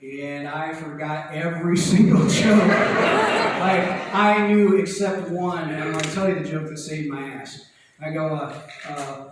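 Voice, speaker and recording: Stand-up comic from Indiana, chatty storyteller, high voice, big reverberant hall. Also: male voice. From Indiana, USA. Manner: quick, conversational storytelling. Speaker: stand-up comedian. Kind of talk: stand-up set. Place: large theater stage. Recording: echoey theater, far from mic, noisy.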